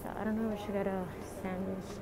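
A young woman from the Dominican Republic talks bluntly and chattily into her phone while she shops, swearing freely. Her voice sits at an ordinary pitch for a woman. Loud shop and street noise runs behind her. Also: flat delivery, fast talker, creaky. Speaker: vlogger. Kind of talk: casual vlog narration. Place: stores and streets in a city. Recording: phone audio with loud public background noise.

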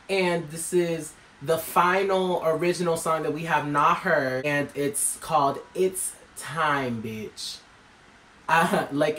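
A woman reacting to an album for her channel, loud and dramatic, swearing freely and exclaiming at every track. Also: low voice, a little hiss or hum. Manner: brash, profane, dramatic exclamations. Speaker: music reaction YouTuber. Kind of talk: music reaction vlog. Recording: roomy echo, faint music behind.

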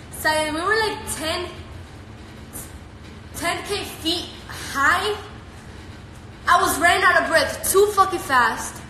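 A woman's voice: high-pitched, bright, forceful tone. Brash, profane teenage girl streamer. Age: teens. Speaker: live streamer. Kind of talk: casual live-stream chat reading viewer comments. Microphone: phone. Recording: roomy, noisy phone live stream.

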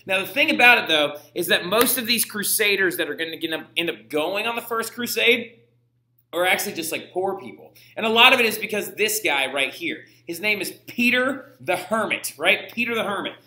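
Young guy teaching history, high bright voice, echoey room, super chatty. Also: lively intonation, brisk. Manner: chatty, slangy, frequent "right?". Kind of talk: casual classroom lecture.

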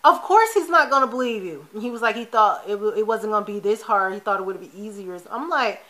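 A woman's voice: mid-range voice, brisk, pushed and bright. A woman chatting casually as she recaps a TV episode, opinionated and quoting the characters as she goes. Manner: chatty, opinionated retelling of scenes; quotes the characters in passing. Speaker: TV recap vlogger.

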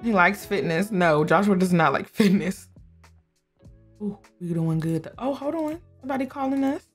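A woman's voice: mid-range voice, lively intonation, moderate pace, slightly rough, faint music behind. A young woman chatting through a life sim game, talking to her characters and laughing often. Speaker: gameplay streamer. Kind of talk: casual gameplay commentary.

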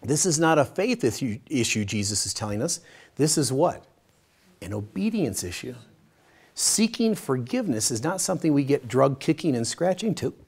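Middle-aged guy teaching a bible class, normal mid voice, gets loud then drops real quiet. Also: medium pitch, moderate pace, slightly rough. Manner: animated storytelling, swings from loud to hushed. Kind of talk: teaching session sermon.

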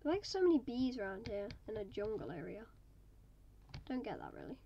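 High-voiced woman chatting over gameplay. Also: very animated, fairly quick, highs cut off, a little hiss or hum. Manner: chatty, talking to viewers while playing. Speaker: gaming video maker. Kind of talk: casual gameplay commentary.

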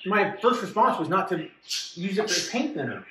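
Casting: jokey man, high and very animated voice, echoey room, away from the mic. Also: moderate pace. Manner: jokey, excitable. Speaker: podcast co-host. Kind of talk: casual chat. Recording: echoey room, mic at a distance, faint noise.

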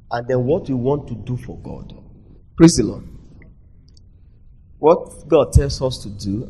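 A man preaches a sermon, his voice warm and mellow rather than bright. He throws call-and-response questions at the audience and swings from loud emphasis to hushed, almost whispered lines. Faint noise hangs under the recording. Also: mid-range voice, rough recording. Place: conference hall.

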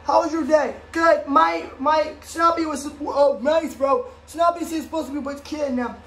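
A woman improvising a toy play, voicing several characters and switching voices, with bursts of shouting. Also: high-pitched, fairly even intonation, unhurried. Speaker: home video creator. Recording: echoey room with faint background noise.

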